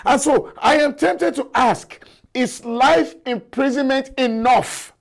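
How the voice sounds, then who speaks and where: A male talk show host with a strikingly high voice speaks slowly and deliberately. He lectures with passion and keeps repeating words to drive his point home. It is a live call-in show monologue. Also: vocal fry. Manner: impassioned and lecturing.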